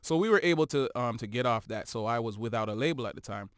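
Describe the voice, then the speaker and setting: Smooth-voiced man telling stories. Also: medium pitch, fast talker, no room sound, studio quality. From Toronto, Canada. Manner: animated storyteller, often adds "you know what I'm saying". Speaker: guest musician. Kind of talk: casual interview chat.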